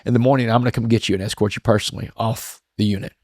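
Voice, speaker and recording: Storytelling man, lowish voice. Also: very fast, no echo, studio quality. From Texas. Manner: casual, animated storytelling with many "man" fillers. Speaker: guest, motivational speaker. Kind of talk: storytelling in a podcast interview.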